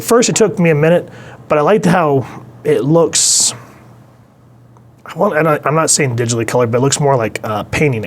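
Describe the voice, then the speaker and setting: A man's voice: medium pitch, slight background noise. A young man casually reviewing a comic book, talking with enthusiasm and rambling on with fillers.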